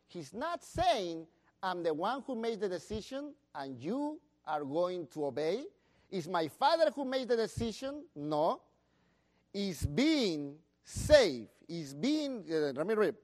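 Man preaching, high and expressive, animates his story. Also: slow pace. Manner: animated storytelling, acts out disciples' voices. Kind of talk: sermon.

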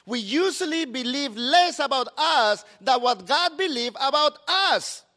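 Lively, high-voiced man preaching a sermon. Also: a little slow. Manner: lively, talkative, laughing. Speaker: pastor.

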